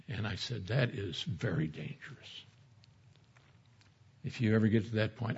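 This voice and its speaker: A man's voice: on the low side, animated, moderate pace, long pauses, a little mellow, breathy edge, lo-fi sound. A man preaching an expository sermon in a conversational teaching manner, mixing scripture explanation with personal anecdotes. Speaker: pastor.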